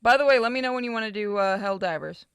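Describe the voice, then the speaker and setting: A woman's voice: mid-range voice, quick pace, fairly bright tone, smooth, dry recording, studio quality. Profane joking woman streamer. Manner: joking, profane, reads game dialogue aloud. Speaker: game streamer. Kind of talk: live gameplay commentary.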